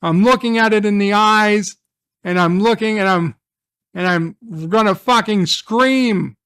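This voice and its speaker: A man with a high, clear, smooth voice rants through a review, swearing at every turn. He drags his words out slowly, heavy with anger. The recording is dry and close, with no room sound. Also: a bit bright, dry recording. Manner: angry, profane, swearing constantly. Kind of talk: ranting review reaction.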